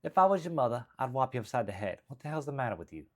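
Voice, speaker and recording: A man's voice: mid-range voice, big pitch swings, racing, darkish tone, pitched above the performer's own voice. A man voicing a fretful, scolding middle-aged woman from New Jersey in a put-on Jersey accent.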